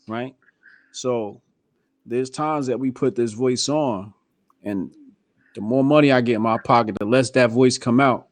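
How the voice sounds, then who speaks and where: A man's voice: medium pitch, unhurried, long pauses, dry recording. Male podcast host, laid-back slangy explainer, dry close sound. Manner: relaxed, explanatory, slangy and emphatic. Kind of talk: casual political podcast chat.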